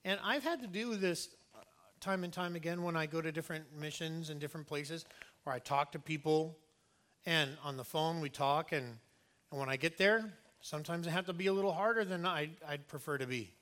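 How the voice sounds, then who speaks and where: A man preaches in an earnest, conversational way, stressing his points and often restarting his sentences. His voice sits a little high and sounds bright and forceful. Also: a little fast. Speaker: pastor. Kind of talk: sermon.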